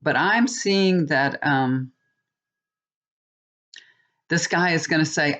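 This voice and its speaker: A woman's voice: low voice, moderate pace, a bit bright, dull audio. Chatty woman reading tarot. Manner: chatty, rambling with many restarts, asks viewers "okay?". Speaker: tarot reader. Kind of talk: casual monologue reading.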